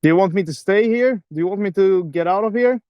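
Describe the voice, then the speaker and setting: Man, live ghost-hunting stream, jumpy and swearing, slightly high voice, dry close sound. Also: fast, mellow, clean tone, no room sound. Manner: jumpy, swearing, questioning a spirit box. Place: old abandoned railway house. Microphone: handheld phone on a live stream.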